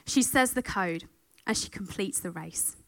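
A woman preaching a sermon, telling a story with emotion and animated delivery. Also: mid-range voice, unhurried, dry recording, whispered.

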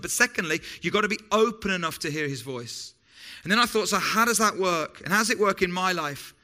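A man's voice: sits high, sharp tone. A man preaching a sermon in a chatty, informal way, stumbling over words and breaking off for jokey asides. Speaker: pastor.

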